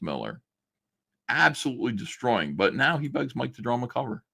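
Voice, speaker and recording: A man's voice: medium pitch, big pitch swings, a little fast, creaky, sharp tone, slightly rough. A man casually reading old messages aloud on a stream and mocking them with a sarcastic, laughing manner. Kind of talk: casual commentary on a live stream.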